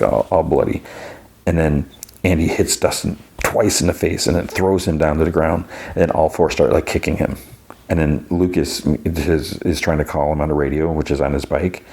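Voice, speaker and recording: Very deep-voiced man recapping casually. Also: vocal fry, a little mellow. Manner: retelling scenes with filler words and restarts. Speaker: podcast host.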